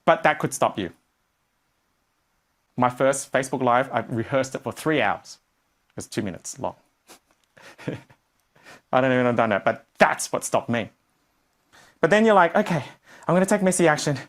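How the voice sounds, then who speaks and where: A man teaching a business course to a live audience, animated and playful, swinging between loud bursts and quiet asides. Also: medium pitch, moderate pace, long pauses. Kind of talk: energetic live workshop teaching. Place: training room with a live audience.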